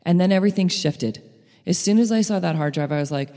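A middle-aged woman telling a personal story to listeners, animated, laughing lightly between phrases. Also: on the low side, fast talker. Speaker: speaker. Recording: long hall reverb.

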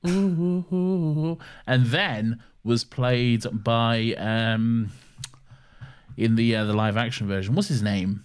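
A man's voice: lowish voice, flat delivery, slow pace, clear, resonant tone. A man co-hosting a casual podcast chat who rambles playfully and often loses his train of thought. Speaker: podcast co-host.

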